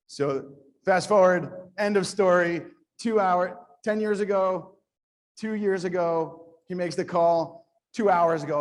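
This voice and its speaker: Speaking at an ordinary pace in a voice on the high side, a man addresses a live audience at a startup conference. He keeps it conversational, jokes at his own expense, and frequently starts over mid-thought.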